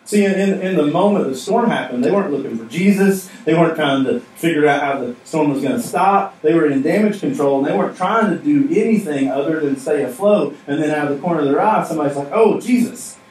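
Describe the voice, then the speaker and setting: A man delivers a sermon in a relaxed, joking style, often turning questions to the audience. His voice sits a little high. The sound comes from a distance in a very echoey hall with a faint hiss behind it. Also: quick pace, few pauses. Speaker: pastor. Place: stage in a church hall. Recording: echoey room from far off with faint noise.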